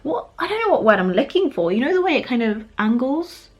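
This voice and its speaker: A woman's voice: high voice, sing-song, a little fast. A young woman with a British accent chatting casually while doing her makeup, laughing often. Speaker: beauty vlogger. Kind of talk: get-ready-with-me makeup chat.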